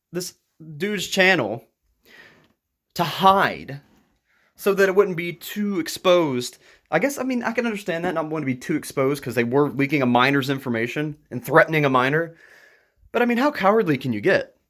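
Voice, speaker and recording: A man talking to camera in a frustrated, agitated rant, breaking into nervous laughs, his voice jumping higher when worked up. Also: fairly bright tone. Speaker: YouTuber.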